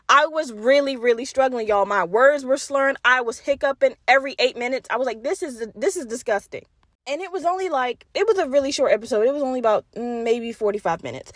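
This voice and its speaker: A young woman with a high voice hosts her own podcast, recorded with studio quality and no echo. In this casual solo chat she's animated, swears, laughs, has a slight stutter, and talks straight to listeners.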